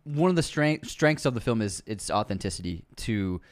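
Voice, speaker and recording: A man's voice: fairly low pitch, lively intonation, moderate pace. A man with a Boston accent, co-hosting a podcast in casual chat, enthusiastic and swearing for emphasis. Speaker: podcast co-host.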